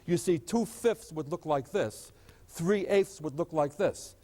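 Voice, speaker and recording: High-voiced man lecturing in an echoing hall. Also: unhurried, warm tone. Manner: asks the class questions and answers them himself. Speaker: math professor. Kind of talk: chalkboard lecture. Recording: 1980s lecture hall recording with long reverb.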